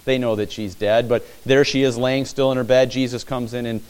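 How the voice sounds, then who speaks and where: A man's voice: mid-range voice, fairly even intonation, a little fast, darkish tone, clear, resonant tone. A man preaching a sermon, retelling a scripture story vividly, asking listeners to picture the scene and repeating phrases for emphasis.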